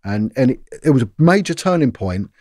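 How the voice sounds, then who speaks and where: A man's voice: medium pitch, fairly quick, dry recording, studio quality. Man telling police stories. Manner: animated anecdotes with many fillers and repeats. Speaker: former police detective, guest. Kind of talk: storytelling interview.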